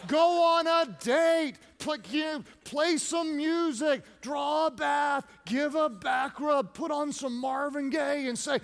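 High-voiced joking male preacher. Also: a little slow, hardly any pauses, fairly bright tone. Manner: playful, joking preacher calling for audience responses. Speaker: pastor. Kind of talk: sermon.

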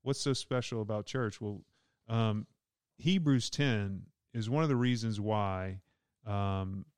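A Southern man, a pastor, talks through scripture in a relaxed, joking way. His voice sits a bit low and comes across smooth and resonant. The sound is dry and close. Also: slow, dry recording. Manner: easygoing, joking, laughs often. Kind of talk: casual podcast Bible discussion.

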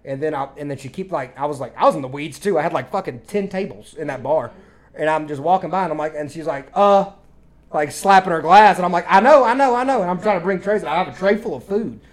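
A man's voice: a little high, fast talker. A man co-hosting a casual podcast, telling a long story about a bad restaurant customer, full of swearing and acted-out dialogue. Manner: profane, animated storytelling. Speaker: podcast co-host.

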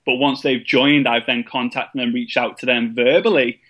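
A man's voice: mid-range voice, fairly even intonation, moderate pace, lo-fi sound. A younger man being interviewed, telling his story in a casual, self-deprecating way with frequent restarts. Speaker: guest, network marketer.

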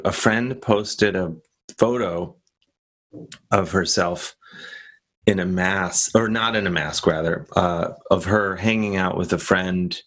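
Podcast host guy, really low voice, rambly chatty stories w little quoted bits. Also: fairly bright tone. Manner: rambling storytelling with acted-out quotes. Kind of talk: casual chat.

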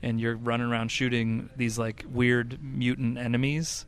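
Man, co-host, casual game chat, smooth clear voice, rambling with fillers. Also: medium pitch, flat delivery, normal speed. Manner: rambling, with many fillers and restarts. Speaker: podcast co-host. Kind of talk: casual chat about games.

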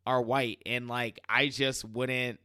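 A man co-hosting a casual talk show, laughing often and getting animated when he tells a story. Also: mid-range voice, takes it slowly, clear, resonant tone, dry recording, studio quality. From Caribbean. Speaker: podcast co-host. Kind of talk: casual chat.

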